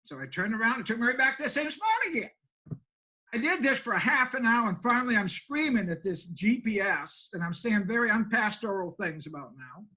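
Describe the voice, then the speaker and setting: Older man, country pastor, folksy plainspoken storyteller, self-deprecating, high-pitched, bright tone. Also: lively intonation, brisk, poor audio. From Maine, USA. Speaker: pastor and homeless shelter director.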